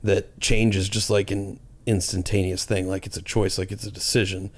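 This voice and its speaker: A man co-hosting a podcast works through his ideas earnestly, explaining things casually. His low voice holds a fairly level pitch and level tone, and he talks at a moderate pace.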